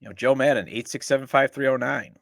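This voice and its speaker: A man's voice: medium pitch, steady tone, quick pace, vocal fry, no echo, studio quality. A middle-aged man hosting a sports podcast, ranting with exasperated sarcasm about his team. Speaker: podcast host. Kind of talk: opinionated sports talk.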